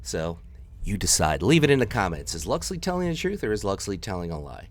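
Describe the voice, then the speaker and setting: A man's voice: low voice, sing-song, brisk. A man in his thirties from the New York area talks over his gameplay like he's chatting with friends. He rambles, teases his viewers and lets his voice swing widely up and down as he tells a story. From New York area, United States. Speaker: gameplay commentator.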